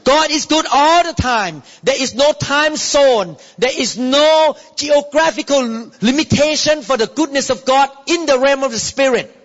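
High, lively male preacher in a reverberant hall. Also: measured pace, hardly any pauses. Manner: animated, exclaiming, laughing often. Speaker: pastor. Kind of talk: sermon. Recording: reverberant, dull lo-fi hall recording.

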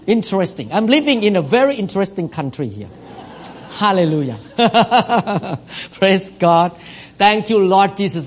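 A high-voiced man preaches with a foreign accent, leading his congregation in plain, broken English. He rises into loud, emphatic declarations. The recording is dull and lo-fi. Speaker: pastor. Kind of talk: sermon.

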